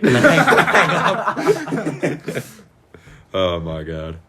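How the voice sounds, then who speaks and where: A teenage boy hosting a casual podcast, excitable and swearing, full of fillers. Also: medium pitch, unhurried, long pauses, slight background noise. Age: teens. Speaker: podcast host. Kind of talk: casual chat.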